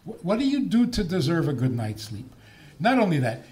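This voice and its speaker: A man delivers a humorous religious lecture at an unhurried pace, his voice mellow and somewhat high for a man. He swings widely in pitch and peppers his points with rhetorical questions and small laughs. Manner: animated, rhetorical questions, chuckles at own points.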